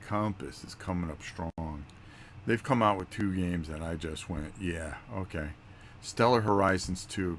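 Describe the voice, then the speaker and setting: A low-pitched male voice with a slight hiss or hum in the background belongs to a vlog host. He chats casually on his own vlog, rambling through a story full of fillers and acted-out quotes.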